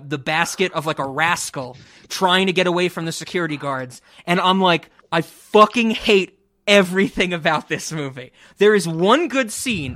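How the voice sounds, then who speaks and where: A young man hosting a casual podcast, giving a blunt, profane, animated review of a film. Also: fairly high pitch, no echo, clean studio sound. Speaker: podcast host. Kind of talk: casual chat.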